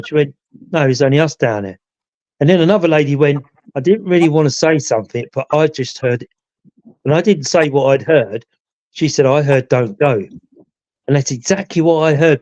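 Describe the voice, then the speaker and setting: A man with a slightly high, darkish voice tells the rambling story of a ghost hunt as a regular on a live chat show, leaning heavily on "you know" asides. The audio has no room sound, and the highs are cut off.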